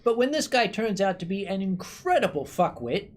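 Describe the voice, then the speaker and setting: A man's voice: sits high, very animated, moderate pace, poor audio. Tipsy man rambling through a story. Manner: dry, rambling, frequent throat clearing. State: tipsy from drinking sake. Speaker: convention chairman and stream host. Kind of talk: casual storytelling chat.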